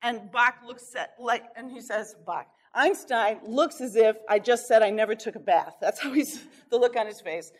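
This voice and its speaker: A woman giving a workshop talk, telling an anecdote in a lively, storytelling way with small chuckles. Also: on the high side, normal speed, hardly any pauses. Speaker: workshop speaker. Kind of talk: storytelling lecture.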